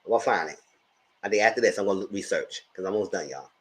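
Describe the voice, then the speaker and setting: A man's voice: sits low, lively intonation, fast. A man giving casual live commentary on a reality TV show, sassy and talking back at the screen. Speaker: TV show reviewer.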